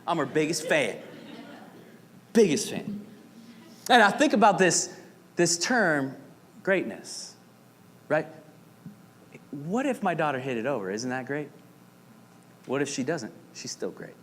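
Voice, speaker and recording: A fairly high-pitched man preaches in a church, and his voice swings up and down with lively, dramatic energy. He tells stories with playful asides. The sound rings with a long echo and a faint hiss behind it. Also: a little slow, long pauses. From Arizona. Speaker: pastor. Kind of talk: sermon. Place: church sanctuary. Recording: reverberant hall with faint noise.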